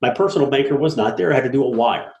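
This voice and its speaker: A man's voice: medium pitch, rapid-fire, highs cut off. A middle-aged man, a guest on an interview, telling stories in a blunt, profane way and acting out the people he quotes. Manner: animated storyteller, blunt and profane, acts out quoted voices. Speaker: guest, apartment syndicator. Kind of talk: casual interview talk. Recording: echoey room.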